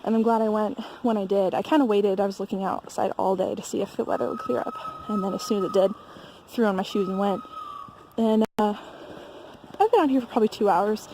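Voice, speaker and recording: A young American woman vlogs while walking through a snowy mountain village, her medium-pitched voice warm and a little fast. She chats casually with lots of fillers and laughter. The recording is rough, with a slight hiss or hum.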